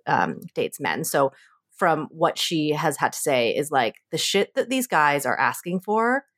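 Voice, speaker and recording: A woman co-hosting a casual podcast chat, animated and slangy, swearing freely. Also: deep voice, unhurried, no room sound, studio quality. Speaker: podcast co-host.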